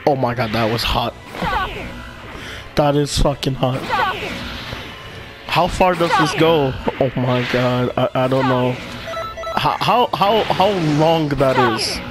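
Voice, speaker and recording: A man giving casual game commentary in an excitable way, swearing, shouting and repeating himself. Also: mid-range voice, slow pace, long pauses. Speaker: gameplay commentator. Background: loud game music.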